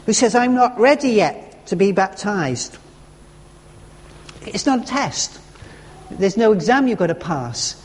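A man delivers a sermon in a relaxed, earnest, conversational way, often stopping to read passages aloud. His voice sits high for a man. A long reverb from a large church room trails after his words. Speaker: preacher.

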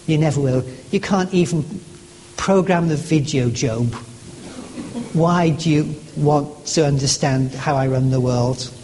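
A man's voice: measured pace, slight background noise, lightly acted. A man voicing God, wry and dismissive. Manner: dry, deflating, lower and quieter. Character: God, stern weary male deity. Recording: long reverb of a large hall.

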